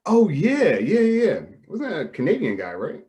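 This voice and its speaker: A man's voice: sits high, wildly swooping pitch, normal speed, dark tone. A young man hosting a podcast over a video call, rambling casually with many fillers and frequent laughter. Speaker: podcast host. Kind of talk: casual comedic chat.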